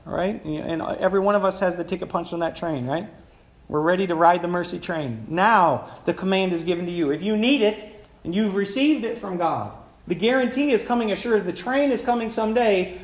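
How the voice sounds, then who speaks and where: Conversational pastor preaching in an echoey church. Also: male voice, fairly high pitch. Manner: conversational, asks the congregation questions. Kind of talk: sermon. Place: church sanctuary.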